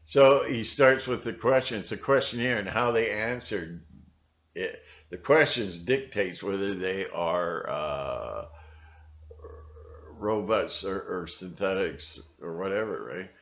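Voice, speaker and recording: A man with a fairly low voice talks straight to his viewers in a loose, wandering monologue, now and then acting out what other people say. The recording sounds dull and lo-fi, with the top end cut off. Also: lively intonation, slow, a bit bright. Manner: rambling, breaks into mimicking voices. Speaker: video channel host. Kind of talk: casual monologue to camera.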